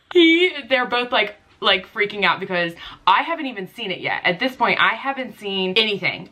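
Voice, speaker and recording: A young woman vlogger telling a story in a casual, chatty way, full of "like" and quick laughs. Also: lowish voice, pushed and bright. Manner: chatty, frequent "like", laughs easily. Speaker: beauty vlogger.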